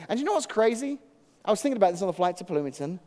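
Man, middle-aged, pastor telling a story, self-mocking, a bit high-pitched, long hall echo. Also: racing. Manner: animated, self-mocking, laughs often. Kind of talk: storytelling devotional talk.

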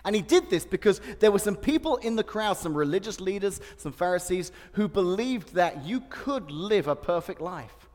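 A pastor preaching a sermon, telling humorous personal stories and laughing often. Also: male voice, high-pitched, sing-song, moderate pace, hardly any pauses, darkish tone. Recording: long hall reverb.

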